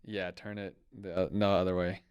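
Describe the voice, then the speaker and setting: A man co-hosting a podcast, telling a story in a loud, animated, casual way. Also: deep voice, moderate pace, smooth, dry recording, dull audio. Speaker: podcast co-host.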